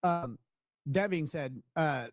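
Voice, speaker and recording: A man's voice: a little high, slow pace, no room sound, clean studio sound. A young man hosting a casual talk show, telling a rambling anecdote with many restarts and laughing at his own tale. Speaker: show host. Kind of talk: casual storytelling chat.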